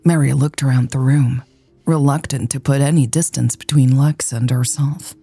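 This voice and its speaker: A woman narrating a romance story in a slow, soft, intimate way, with faint music behind. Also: very deep voice, steady tone, breathy edge.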